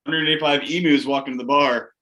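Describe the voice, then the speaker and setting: A man improv player telling a quick joke in an online match, laid-back. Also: a little high, fairly even intonation, pushed and bright.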